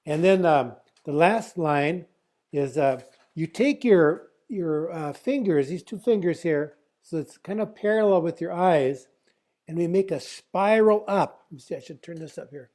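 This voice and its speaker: A man teaching a song over a video call, speaking in a halting way with many filler pauses. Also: fairly high pitch, lively intonation, darkish tone. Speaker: flute player teaching a song.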